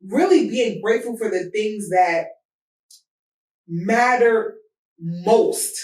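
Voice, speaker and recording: A woman hosting an advice podcast, talking casually and telling personal stories with lively swings in her voice. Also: takes it slowly. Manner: animated, voice jumps high when telling a story. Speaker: podcast host. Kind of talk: personal advice talk with storytelling. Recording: roomy sound from a distance from the mic.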